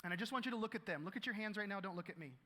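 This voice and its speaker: A man preaching a sermon to a congregation, animated, often repeating words and acting out quotes. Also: sits high, rapid-fire. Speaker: pastor. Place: church hall. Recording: live hall reverb.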